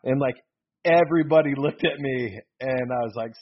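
A man co-hosting a casual sports podcast, rambling and excitable, often correcting himself mid-sentence. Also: medium pitch, moderate pace. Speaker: podcast co-host. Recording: dull lo-fi podcast audio.

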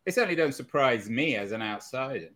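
A man's voice: medium pitch, lively intonation, quick pace, fairly bright tone. A man hosting an interview, asking pointed, probing questions about experiences with bias. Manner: probing questions, occasional stumbles. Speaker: interviewer host. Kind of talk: interview conversation.

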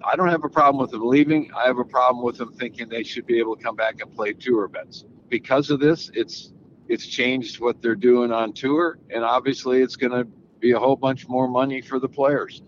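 An older man, a golf analyst guest, answering interview questions in a relaxed, rambling way with many restarts. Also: mid-range voice, brisk. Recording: slightly dull audio with faint background noise.

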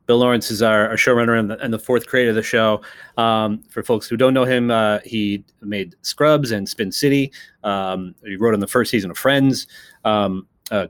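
In a mid-range voice, a man who co-created and writes a TV show talks loosely in an interview. His speech wanders, full of fillers and restarts, and now and then he imitates the voices of the people he's quoting.

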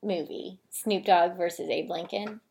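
A woman's voice: fairly low pitch, steady tone, unhurried, gravelly, a little mellow. A woman co-hosting a comedy podcast in casual banter, playful and giggly, with a self-assured streak. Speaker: podcast co-host.

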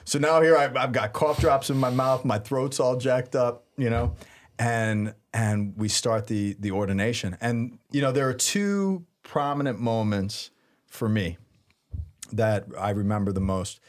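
A man in his thirties, a priest and podcast co-host, telling a story in a lively, laughing way. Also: mid-range voice, unhurried. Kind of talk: casual storytelling chat.

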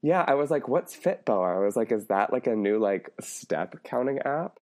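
A man's voice: medium pitch, lively intonation, moderate pace, a little mellow. A man co-hosting a podcast in casual banter, giggly and trailing off with um's. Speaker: podcast co-host.

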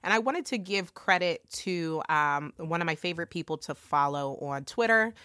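A woman's voice: on the low side, expressive, moderate pace, pushed and bright, clean tone, no room sound, clean studio sound. A woman co-hosting a podcast, speaking earnestly with a few fillers. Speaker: podcast co-host. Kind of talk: casual discussion.

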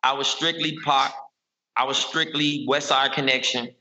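A podcast host with a bright, forceful voice and an easy, slangy way of talking. He keeps the chat moving in a relaxed manner. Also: medium pitch, moderate pace, muffled recording, slight background noise. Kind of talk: casual chat.

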